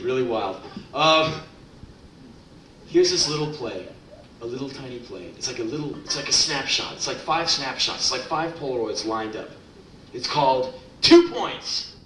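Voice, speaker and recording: A man's voice: on the high side, fairly bright tone, distant mic. A man giving a live spoken-word reading in a club, telling stories in a profane, sardonic way. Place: live club venue with audience. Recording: echoey club from afar.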